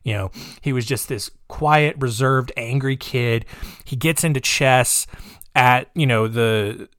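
A man tells a true-crime story in a casual, joking way and wanders off into personal asides. His voice is of middling pitch. It is recorded close and dry, with no room sound. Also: slow pace, fairly bright tone, dry recording. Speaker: podcast host.

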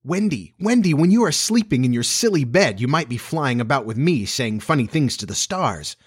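A man's voice: mid-range voice, animated, moderate pace, breathy edge, voice pushed up. A man voicing a cocky, boastful boy who never grows up, in a lifted boyish voice. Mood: enticing.

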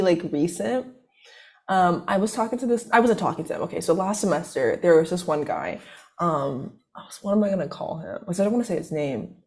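A woman's voice: lowish voice, dark tone. A young woman, a college student, telling a long story in casual chat, full of fillers and restarts. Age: young adult. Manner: rambling, filler-heavy, self-interrupting.

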